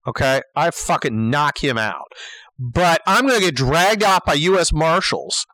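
Older man, profane comic rant, exasperated, wildly swinging pitch, dry close sound. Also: expressive, a little slow, no room sound, rough recording. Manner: profane, exasperated, swinging from low mutters to yelled outbursts. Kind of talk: comedic storytelling rant.

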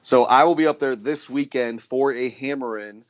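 A man's voice: mid-range voice, normal speed, muffled recording. A man hosting a podcast in casual chat, loose, joking and profane. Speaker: podcast host.

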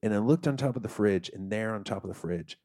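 A man telling a comic story in a loose, profane, animated way, acting out the characters. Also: on the low side, fast talker, dry recording, clean studio sound. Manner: profane, animated, acts out voices.

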